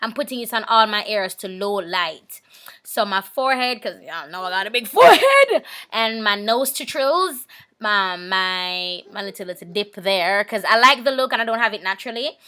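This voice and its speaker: Bright chatty woman vlogger. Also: medium pitch, normal speed, clean tone. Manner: chatty, repeats herself, talks while working. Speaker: makeup vlogger. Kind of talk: casual tutorial voice-over.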